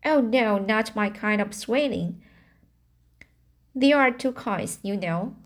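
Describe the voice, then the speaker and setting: A woman voicing an eager, dreamy young girl in a storybook reading, slow and halting with restarts. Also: fairly high pitch, animated.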